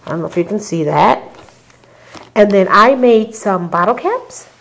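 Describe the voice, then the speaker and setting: A woman's voice: medium pitch, expressive, normal speed, gravelly, poor audio. A woman casually walking viewers through a handmade scrapbook album, chatty and full of ums and little asides to the audience. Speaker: crafter showing a handmade album. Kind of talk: casual show-and-tell tutorial.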